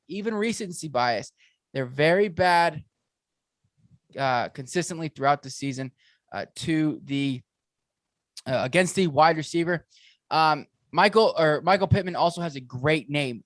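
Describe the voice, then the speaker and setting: He is a man chatting casually about fantasy football picks, his voice sitting fairly high. He is excitable and rambling, with plenty of restarts and fillers. The sound is dry, with no room around it. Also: no echo. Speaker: fantasy football podcast co-host. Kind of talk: casual sports analysis chat.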